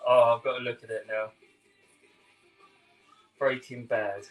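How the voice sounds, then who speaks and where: A man's voice: mid-range voice, flat delivery, a little slow, faint music behind, low-quality recording. A young man with a London-tinged English accent, a chef chatting and laughing with viewers during a live cooking stream. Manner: chatty, laughs often, answers viewer comments.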